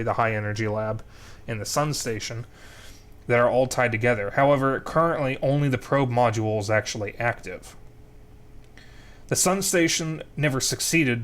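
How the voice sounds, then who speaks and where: A young man talks through a game as he plays, thinking aloud as he recaps the story and plans his next steps. His voice sits at a middle pitch, with a casual streamer's delivery. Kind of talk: gameplay commentary.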